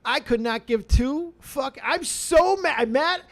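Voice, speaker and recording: Lively high-voiced man, casual swearing. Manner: animated, swearing, quick bursts of laughter and mock quotes. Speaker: podcast host. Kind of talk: casual profane chat.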